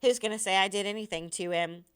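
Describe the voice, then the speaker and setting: A woman reading aloud, voicing a suspicious, threatening young man in a low, hostile tone. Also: steady tone, fast, fairly bright tone, clean tone, lightly acted.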